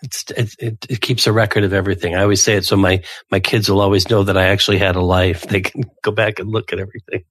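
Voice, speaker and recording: Man, podcast host, husky, low pitch, appreciative, casual chat. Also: flat delivery, fast, few pauses, fairly bright tone, dry recording.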